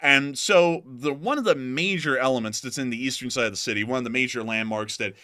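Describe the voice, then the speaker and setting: Bright-voiced man hosting war news. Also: mid-range voice, brisk, dry recording, clean studio sound. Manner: joking, animated, drops into mock voices. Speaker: host. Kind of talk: casual war news commentary.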